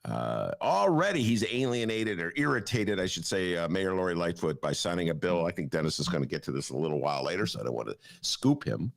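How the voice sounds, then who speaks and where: Gravelly, rambling middle-aged male host. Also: very animated, fast, hardly any pauses, dry recording, clean studio sound. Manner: rambling, full of fillers and chuckles, given to sudden jumps in pitch. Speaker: podcast co-host. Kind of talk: casual chat.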